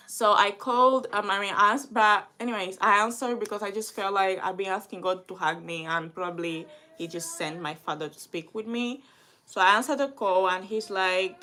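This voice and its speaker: A woman's voice: mid-range voice, moderate pace, bright, forceful tone. A woman in her early twenties telling a personal story in a vlog, rambling and full of "like". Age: 20s. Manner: rambling, heavy use of "like", restarts.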